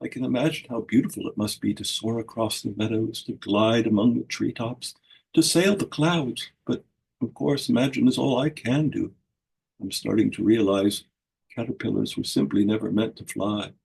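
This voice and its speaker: Man putting on a meek caterpillar, humble, earnest, low gravelly voice, husky. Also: fairly even intonation, normal speed, darkish tone, poor audio. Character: timid, humble male caterpillar.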